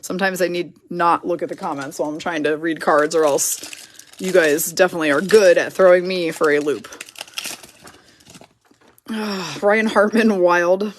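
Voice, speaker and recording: A woman hosting a live card break, quickly reading out player names and teams and chatting with viewers in the comments. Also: lowish voice, steady tone, slight background noise. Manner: brisk, reads names and teams in quick lists, chats with viewers.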